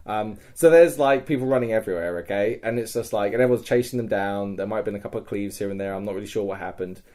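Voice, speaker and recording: A man hosting a podcast, telling a story in casual chat, animated and swearing a lot. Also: lowish voice, fast talker. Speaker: podcast host.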